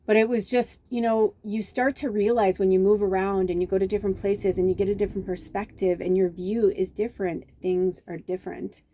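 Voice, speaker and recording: A woman's voice: mid-range voice, brisk, hardly any pauses, slight background noise. A middle-aged woman from Chicago, a spiritual medium, telling a rambling, digressive personal story in a casual vlog, swearing now and then and acting out quoted dialogue. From Chicago, USA. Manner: acts out quoted dialogue with lively reactions.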